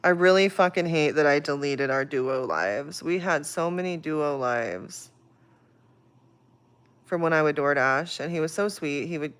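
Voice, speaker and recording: A woman's voice: low-pitched, clean tone. A woman hosting a livestream in casual chat, swearing freely and laughing often as she tells an emotional story. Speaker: livestream host.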